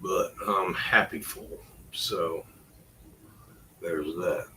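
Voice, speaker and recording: A man's voice: deep voice, steady tone, drawn-out words, sharp tone, slight background noise, poor audio. A middle-aged man rambling in a casual vlog, wry and self-deprecating, trailing off between thoughts. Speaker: vlogger.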